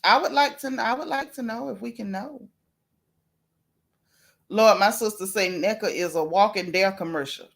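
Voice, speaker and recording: A woman giving sassy, animated commentary on reality TV to her viewers. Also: mid-range voice, normal speed, gravelly, pauses often. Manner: sassy, animated, talks straight at the people she mocks. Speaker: gossip vlogger.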